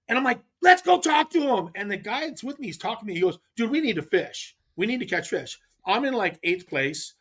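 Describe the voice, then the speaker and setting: A man, a guest on a talk show, telling a rambling story with animated, acted-out dialogue. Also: high voice. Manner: animated, acts out quoted dialogue; rambling with restarts. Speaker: podcast guest, pro angler. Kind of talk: casual storytelling.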